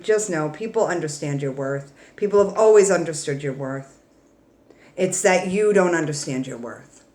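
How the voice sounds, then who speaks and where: A woman giving a casual tarot reading to camera, blunt and swearing freely but warm and emotional toward her viewers. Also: fairly low pitch, roomy sound. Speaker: tarot reader.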